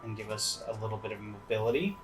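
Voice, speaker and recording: A man's voice: lowish voice, fast, over music. A man giving casual gameplay commentary with dry, sarcastic asides. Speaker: game commentator.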